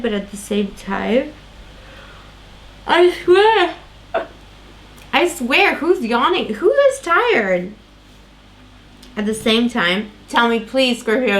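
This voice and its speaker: A woman's voice: medium pitch, a bit bright, slight background noise, rough recording. A woman doing a casual tarot reading, talking in a loose, rambling way with lots of fillers and restarts. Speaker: tarot reader.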